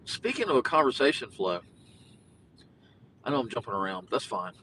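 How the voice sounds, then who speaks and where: A man's voice: very animated, normal speed, pushed and bright, poor audio. A man livestreaming from his car, a podcast host chatting casually and rambling with jokes. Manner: jokey, meandering, sings and makes animal noises. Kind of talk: rambling casual live stream while driving. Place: car in traffic. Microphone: phone in car. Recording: faint road noise in car. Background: engine rumble.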